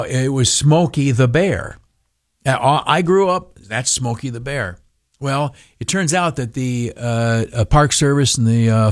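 A man hosting a talk radio show, delivering a casual opinion monologue in a rambling, sarcastic way with plenty of fillers and restarts. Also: mid-range voice.

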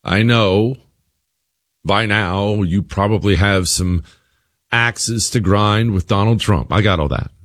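A man's voice: fairly low pitch, takes it slowly, a bit bright. A man hosting his own radio show, talking straight to listeners in an emphatic monologue that leans on repeated phrases.

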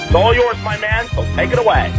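A man working as a voiceover announcer, giving a show introduction in a booming announcer delivery. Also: lively intonation, a little fast, over music. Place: Brooklyn.

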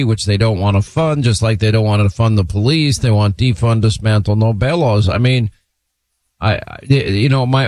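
Brisk male talk radio host, dry studio. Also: mid-range voice, dry recording. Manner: brisk, forceful delivery, reads quotes aloud.

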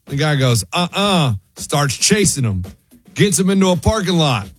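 A man telling a funny news story on a radio show, animated and jokey. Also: fairly high pitch, normal speed, slightly rough, faint music behind.

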